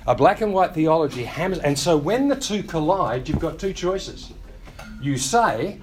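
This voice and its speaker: A male pastor preaching a sermon, teaching in a conversational way with wry asides and quick acted-out quotes of other people. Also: fairly high pitch, lively intonation, a little hiss or hum.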